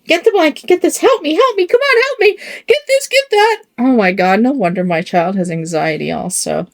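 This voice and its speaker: A woman's voice: medium pitch, a little mellow. Rambling, chuckling older woman. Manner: rambling, self-mocking, chuckling often. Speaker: doll channel host. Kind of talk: casual chat while dressing a doll.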